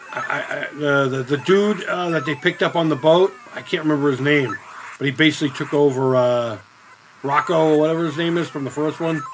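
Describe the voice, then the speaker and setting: A middle-aged man from the Boston area streams retro games live, rambling casually and swearing often at the game. His voice is a little high, and the low-quality recording has music playing behind him.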